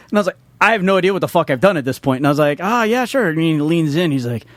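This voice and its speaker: A man's voice: on the high side, animated, quick pace, few pauses, fairly bright tone, dry recording. A man casually telling a rambling, profane anecdote on a podcast. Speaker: guest storyteller.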